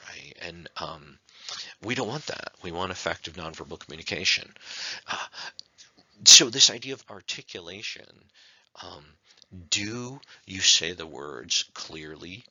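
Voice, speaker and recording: A man's voice: sits low, creaky, pushed and bright, dry recording, highs cut off. A man teaching a speech class in a recorded online lecture, conversational and full of rhetorical questions. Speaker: speech instructor.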